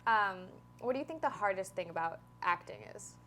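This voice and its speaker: A woman's voice: mid-range voice, animated, brisk, bright, forceful tone, slight background noise. A young adult woman interviewing a fellow actor in a friendly, chatty way, with plenty of fillers. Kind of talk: casual interview chat.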